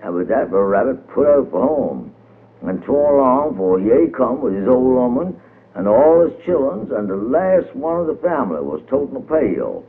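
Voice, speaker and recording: A man with a tells a folk tale in a rhythmic, colorful way. His pitch ranges widely as he reads. The sound is narrow and tinny, like an old radio broadcast. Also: sing-song, normal speed. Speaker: storyteller. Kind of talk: dialect folk-tale reading.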